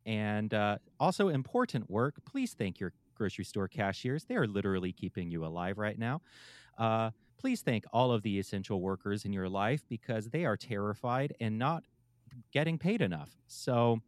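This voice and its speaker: Candid low-voiced male podcast host. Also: big pitch swings, normal speed, no echo. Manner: candid, chatty and self-deprecating. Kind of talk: casual podcast intro and sponsor read. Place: room at home.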